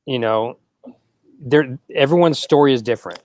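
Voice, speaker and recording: A man's voice: medium pitch, normal speed, darkish tone. A man speaking on a casual panel, giving encouraging advice and often saying "you know.".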